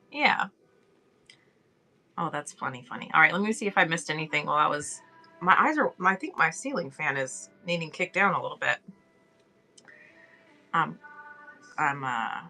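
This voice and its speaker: Woman, middle-aged, chatty stream host, bright voice, soft music behind. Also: fairly low pitch. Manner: chatty, friendly, reads chat aloud, laughs often. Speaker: livestream host. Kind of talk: casual livestream chat.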